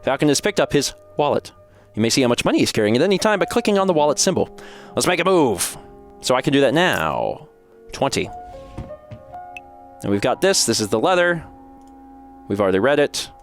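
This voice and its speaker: A man's voice: mid-range voice, big pitch swings, brisk, long pauses, faint music behind. A man casually commenting on a game and reading its text aloud, playful and self-mocking. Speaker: gaming channel host.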